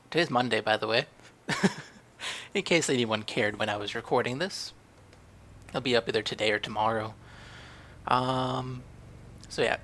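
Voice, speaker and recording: Sharp in tone and mid-range in pitch, this young gaming channel host offers loose commentary over a strategy match he recorded. He wanders from thought to thought, questioning his own choices along the way.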